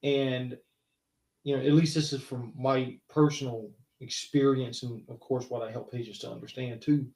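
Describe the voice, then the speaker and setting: A man with a gravelly, creaky voice hosts a casual podcast chat, thinking aloud with hesitant pauses and restarts. His voice sounds roomy, with a noticeable echo around it. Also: mid-range voice, steady tone, a little mellow. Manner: thoughtful, hesitant, many fillers and restarts. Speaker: host; counselor.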